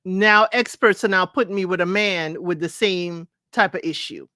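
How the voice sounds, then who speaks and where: A woman's voice: on the low side, fairly even intonation, normal speed, sharp tone, dry recording, clean studio sound. A woman co-hosting a podcast in casual chat, probing with follow-up questions. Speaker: podcast co-host.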